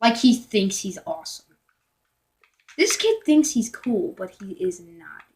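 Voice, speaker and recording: A woman's voice: mid-range voice, sing-song, a little slow, a little mellow. A young teenage girl telling a storytime vlog in a rambling way, full of fillers, self-corrections and whispered asides. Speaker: vlogger.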